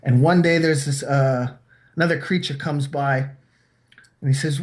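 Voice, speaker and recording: A podcast host with a slightly high voice talks in a casual, rambling way. He philosophizes freely and retells fables to make his point. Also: steady tone, a little fast. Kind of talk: casual chat.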